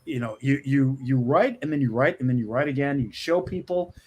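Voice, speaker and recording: Mid-range and fairly quick, his voice carries a breathy edge. He's a middle-aged screenwriter telling stories as a guest in a video-call interview from his office, animated, often restarting sentences and laughing a lot.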